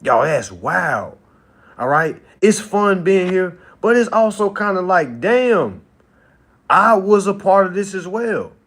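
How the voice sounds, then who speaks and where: Animated high-voiced man on a livestream. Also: takes it slowly. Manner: animated, laughs often, repeats himself. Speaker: livestream host. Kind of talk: casual livestream monologue.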